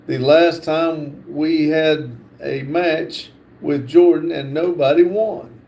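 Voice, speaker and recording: A man's voice: on the high side, fairly even intonation, takes it slowly, gravelly, warm tone. A man hosting a casual livestream, reading viewers' comments aloud. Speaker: livestream host.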